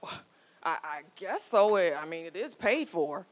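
A woman voicing a joke's husband who answers in halting, mumbled short phrases. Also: on the low side, sing-song. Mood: offhand. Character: husband in a joke, curt and grunting.

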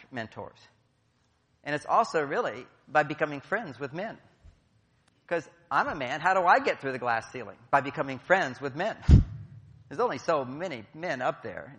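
A man's voice: medium pitch, fairly bright tone. A middle-aged man giving a playful, jokey talk to a live audience, acting out quotes as he goes. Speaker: speaker at a conference. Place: large hall. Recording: long hall reverb.

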